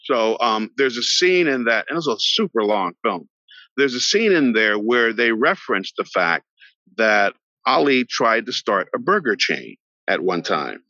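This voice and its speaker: A middle-aged man, an actor guest on a podcast, telling a long story in an animated way and acting out the voices of the people in it. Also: mid-range voice, a little slow, dry recording. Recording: dull lo-fi sound, dry.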